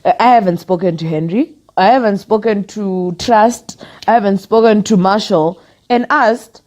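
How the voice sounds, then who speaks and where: A woman from Zimbabwe co-hosting a casual chat, teasing her partner and quickly correcting and explaining points. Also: mid-range voice, darkish tone, dull audio. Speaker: podcast co-host.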